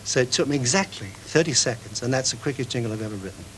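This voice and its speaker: A man's voice: medium pitch, expressive, very fast, a little hiss or hum, low-quality recording. A man who writes jingles, telling anecdotes in an interview and acting out the conversations he had. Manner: storytelling, acts out dialogue and sings snippets. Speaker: jingle composer.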